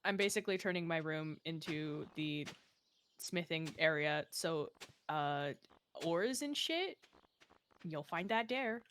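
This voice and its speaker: A woman's voice: sits low, lively intonation, slow pace, fairly bright tone, a little hiss or hum. A woman chatting casually as a co-player in a game, wry and offhand, swearing casually. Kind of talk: casual gaming chat.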